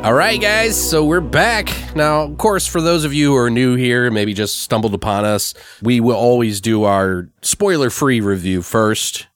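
A man's voice: medium pitch, normal speed, few pauses, soft background music. A man co-hosting a podcast, chatting casually, laughing often and swearing freely. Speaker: podcast co-host. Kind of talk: casual chat.

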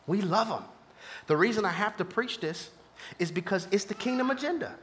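A man preaching a sermon to a live church congregation, moving from hushed asides to shouted peaks and laughing along with the crowd. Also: high-pitched, animated, a little fast, a little hiss or hum. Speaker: pastor.

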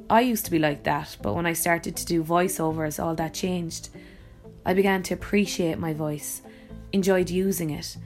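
A woman's voice: lowish voice, a little mellow. A woman with an Irish accent, an actor and voice-over artist, reading her own blog post aloud in a reflective, wry and personal way.

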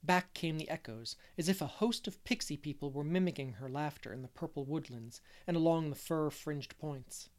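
A man reading a classic novel aloud as narrator, gentle and unhurried, with the odd stumble. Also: fairly high pitch. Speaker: audiobook reader. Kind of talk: storybook narration.

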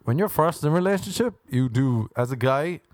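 A man doing a stand-up comedy routine, animated, acting out voices and laughing at his own jokes. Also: a little high, a little fast. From Ireland.

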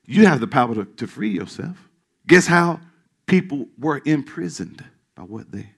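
A male pastor preaching a sermon in church, calling out questions to the congregation and dropping into hushed asides. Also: fairly high pitch, big pitch swings, moderate pace, gravelly, slightly rough. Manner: call-and-response preaching, swings from loud to hushed asides.

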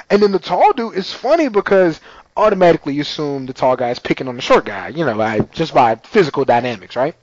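A man's voice: a little high, brisk, no room sound, muffled recording. A man telling a story in casual chat, acting out the people in it. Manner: animated storyteller, acts out voices.

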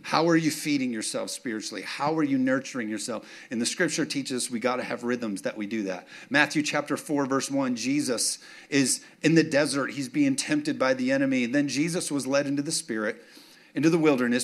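Man preaching, middle-aged, jokey self-mocking stories, animated delivery, mid pitch. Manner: humorous, self-mocking storytelling; animated, asks congregation for response. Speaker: pastor. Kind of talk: sermon.

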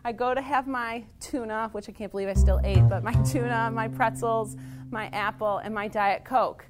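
A woman teacher telling a personal story in a lively, self-mocking way. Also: fairly high pitch, moderate pace, music in the background.

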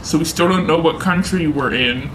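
A man's voice: fairly high pitch, moderate pace, a loud crowd. A man bantering through a co-op game, teasing and bossing his partner. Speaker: gamer. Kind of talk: playful co-op gameplay chat.

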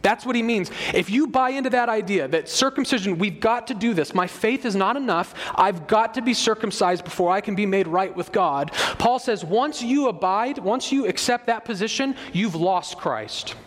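Emphatic high-voiced male preacher. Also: expressive, normal speed, hardly any pauses, in a large hall. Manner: emphatic, repeats key phrases for stress. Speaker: pastor. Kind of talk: expository sermon.

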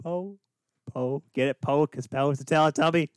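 A man's voice: a little high, flat delivery, quick pace, smooth, no room sound, studio quality. A young man co-hosting a sports podcast, joking around in casual chat. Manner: goofy, joking, wrestling references. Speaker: podcast co-host.

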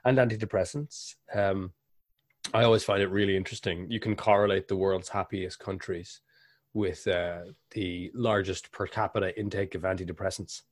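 A man with an Irish accent chatting casually on a podcast, telling stories and slipping into animated impressions. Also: low voice, moderate pace, no room sound. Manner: animated storyteller, bursts into lively impressions. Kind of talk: casual conversation.

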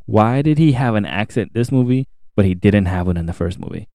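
Low-voiced man ranting on a podcast. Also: fairly quick, no room sound, studio quality. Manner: animated, profane ranting. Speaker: podcast co-host. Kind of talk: casual chat. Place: home podcast setup.

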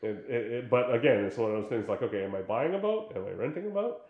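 Animated man retelling a movie in an echoey room. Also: medium pitch, lo-fi sound. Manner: animated storyteller acting out characters in quick voices. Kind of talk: casual chat recapping a movie. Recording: roomy echo.

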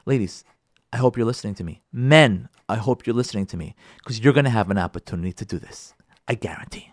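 A fairly low-pitched, quick-talking middle-aged man, both rabbi and marriage counselor, gives a lecture about marriage in a dry, studio-quality recording. He's animated, speaking directly to listeners with repetition and emphasis while dramatizing quarrels between husbands and wives.

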